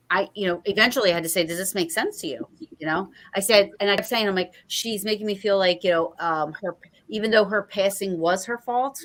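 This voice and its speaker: A woman with a fairly low voice tells a long story in a loose, rambling way. She hosts a casual paranormal talk stream and leans on fillers and restarts. The tone stays relaxed and conversational. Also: rough recording. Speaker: podcast host. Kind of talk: casual chat.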